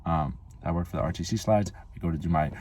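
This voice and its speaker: A man's voice: low-pitched, quick pace, darkish tone, breathy edge. A man vlogging casually, telling a rambling story full of swearing and filler words. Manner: rambling, profane, lots of "like" fillers.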